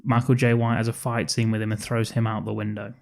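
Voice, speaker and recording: A man's voice: lowish voice, flat delivery, quick pace, vocal fry, darkish tone. A man, co-hosting a podcast and rambling through a film's plot, swearing and laughing as he goes. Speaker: podcast co-host. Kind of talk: casual film-review chat.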